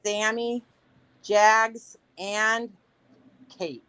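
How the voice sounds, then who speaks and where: A woman's voice: medium pitch, fairly even intonation, extremely slow, bright, forceful tone, clear, resonant tone, rough recording. A woman calling in to a live talk show, speaking in an emotional, rambling and insistent way. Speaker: caller. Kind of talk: casual call-in chat.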